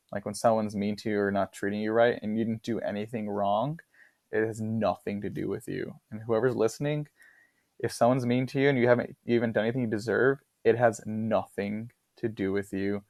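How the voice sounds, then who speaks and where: A young man guest candidly recounting personal experiences in an interview, halting and repeating himself as he talks. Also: lowish voice, vocal fry, a little mellow, no echo, studio quality.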